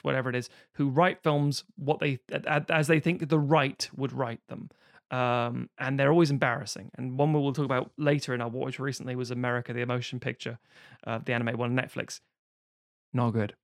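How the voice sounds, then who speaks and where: A man in casual film review chat who swears freely and jumps into sudden high voices to act out quotes. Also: creaky, no room sound, studio quality.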